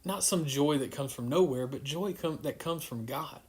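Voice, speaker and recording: A fairly high-pitched male youth pastor gives an informal devotional over livestream, often restarting and filling pauses.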